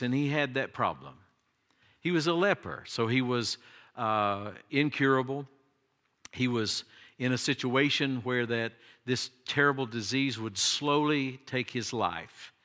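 A man preaching a sermon, emphatic, his voice jumping high when he quotes cries and pleas. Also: unhurried, pushed and bright. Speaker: pastor.

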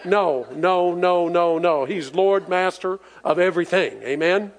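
A male preacher with a high-pitched voice delivers a sermon in a folksy, emphatic style. He draws the congregation into call-and-response and chuckles between his points. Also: unhurried.

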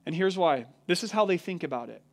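A man preaching a sermon in an earnest, emphatic way, slowing down to stress key words. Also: sits high, lively intonation. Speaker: pastor.

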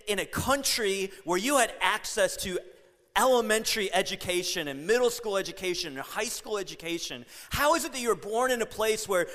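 Male pastor, high voice, chatty storytelling sermon, reverberant sanctuary. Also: sharp tone. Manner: conversational, storytelling with asides and self-corrections. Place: church sanctuary. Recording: long hall reverb.

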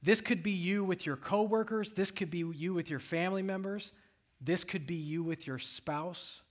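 A man's voice: sits high, normal speed. A pastor preaching a sermon, reading scripture aloud and asking his congregation rhetorical questions.

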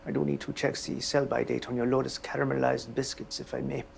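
Brief: a stiff, formal hotel manager, very gravelly, prying and polite. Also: male voice, medium pitch, little pitch movement, quick pace, slight background noise. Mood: prim. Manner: stiff, overly formal and insinuating.

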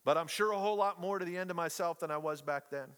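A middle-aged man preaching a sermon to a congregation, telling stories with playful, animated asides. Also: sits high, fast, clean tone, in a large hall. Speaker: pastor. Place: church hall, live congregation.

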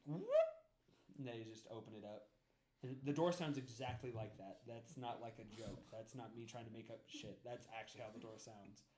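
A man's voice: on the low side, steady tone, fairly quick, echoey room, noisy background. A man narrating as game master in a loose, rambling way. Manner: rambling, many "like" fillers, laughing.

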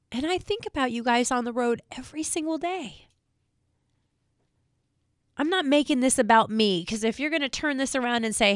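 Woman, emotional, near tears, earnest, halting, slightly high, dry close sound. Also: animated, no room sound. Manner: earnest, halting, repeating herself. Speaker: state trooper spokesperson. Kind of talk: emotional direct-to-camera talk.

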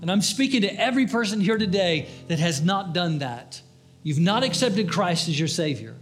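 A man preaching a sermon as a pastor, impassioned, swinging between raised appeals and hushed, low pleas. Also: animated, normal speed, soft background music. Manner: impassioned preaching, rising and dropping to hushed tones.

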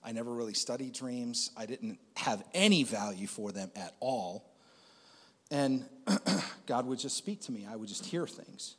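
A man's voice: mid-range voice, in a large hall. A man giving a conversational personal testimony as a Christian speaker, with lots of fillers.

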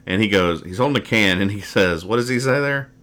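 A man hosting a casual podcast, reading and explaining comic strips in a wry, rambling way that trails off quietly after jokes. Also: lowish voice, a little fast.

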